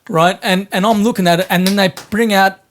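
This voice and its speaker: A man's voice: sits high, steady tone, a little fast, noisy background. A middle-aged Australian man hosting a podcast, telling long rambling stories with casual swearing. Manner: rambling storyteller, swears freely. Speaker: podcast host. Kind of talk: casual interview chat.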